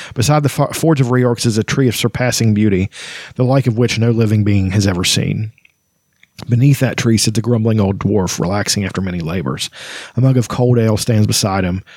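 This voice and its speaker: A man reading aloud as a wise, gentle old man who is secretly a god, speaking softly and tenderly. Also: on the low side, fairly quick, husky, no echo.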